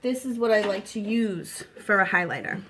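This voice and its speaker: Against a noisy background, a woman in her thirties with a mid-range voice and a Boston accent talks at a moderate pace. She's hosting a casual at-home makeup tutorial, guiding viewers with reassurance, chatty talk, and lots of fillers.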